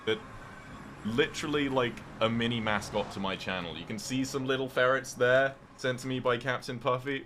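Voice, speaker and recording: A man's voice: medium pitch, moderate pace, fairly bright tone. A young British man streaming a game, rambling casually and chatting with viewers as he plays. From Britain. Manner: rambling, chatty, reads and thanks chat. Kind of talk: casual livestream chat while gaming.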